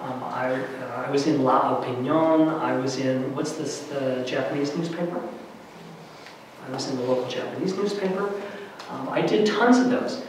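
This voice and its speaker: A middle-aged man giving a lively workshop lecture to faculty, varying his loudness for emphasis, with many fillers. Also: mid-range voice, moderate pace, a little hiss or hum. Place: large lecture room. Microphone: distant room mic. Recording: very echoey hall from far off.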